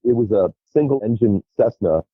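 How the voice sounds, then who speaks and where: A middle-aged man telling wild stories as a podcast guest, animated and profane, laughing as he goes. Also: lowish voice, moderate pace, slightly rough, no room sound. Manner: lively, profane, laughs through his stories. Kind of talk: animated storytelling. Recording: tinny phone-like line.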